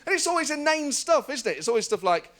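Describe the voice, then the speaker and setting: A man's voice: very high-pitched, quick pace. A man hosting a comedy show, delivering a mocking stand-up monologue. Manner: animated, mocking, laughing asides. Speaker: comedian host.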